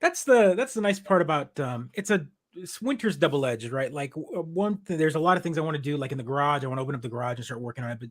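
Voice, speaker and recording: A man's voice: on the high side, animated, fast, hardly any pauses. A middle-aged man hosting a casual podcast, rambling with many restarts and laughing easily. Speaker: podcast host. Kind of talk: casual chat.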